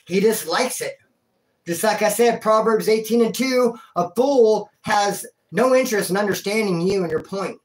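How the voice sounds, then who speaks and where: A man's voice: high-pitched, moderate pace. A man telling a rambling personal story in a casual, slangy way, calling the listener dude and bro. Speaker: vlogger telling a prison and life story.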